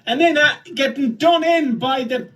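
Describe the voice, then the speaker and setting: Rambling crude man, high voice. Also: normal speed, a bit bright. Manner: rambling, crude, keeps repeating a name. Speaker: comedian. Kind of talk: comedy sketch. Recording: distant mic with noise.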